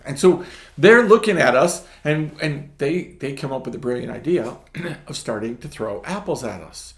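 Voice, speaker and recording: Lively storytelling man in an echoey room. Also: a little high, normal speed, gravelly. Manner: storytelling, keeps asking "right?". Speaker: ministry host. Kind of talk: casual devotional talk.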